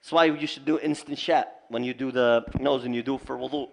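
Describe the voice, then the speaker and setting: A man teaching at a community center, telling stories with humor and lively asides. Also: mid-range voice, fairly quick, creaky. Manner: animated storytelling with humor. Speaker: Islamic teacher. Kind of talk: community lecture. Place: mosque community hall.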